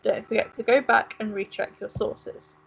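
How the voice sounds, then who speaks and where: A woman's voice: a little high, steady tone, normal speed, creaky, husky, poor audio. A woman co-hosting a let's play, chatting and musing aloud as she reads game text. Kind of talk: casual gaming commentary.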